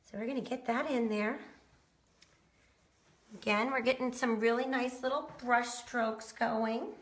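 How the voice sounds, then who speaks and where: A woman's voice: a little high, fairly bright tone. A woman giving a casual how-to painting demonstration, chatting folksily to viewers as she works. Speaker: DIY painting instructor. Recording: roomy echo.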